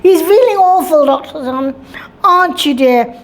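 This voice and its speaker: Teacher putting on an overbearing, fussy storybook mother, high voice. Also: animated, normal speed. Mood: fussing. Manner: overbearing, fussing. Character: fussy, over-emotional, overprotective mother.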